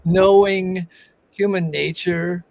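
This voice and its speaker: High, gravelly man explaining scripture. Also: takes it slowly, dry recording, low-quality recording. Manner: expressive, teasing, explains scripture. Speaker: Bible teacher. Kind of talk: casual Bible discussion.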